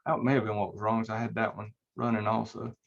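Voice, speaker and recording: A man's voice: lowish voice, little pitch movement, quick pace, vocal fry. Rambling male instructor on lo-fi audio. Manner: casual, rambling, many fillers and restarts. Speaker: networking instructor. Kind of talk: recorded online class lecture with screen share.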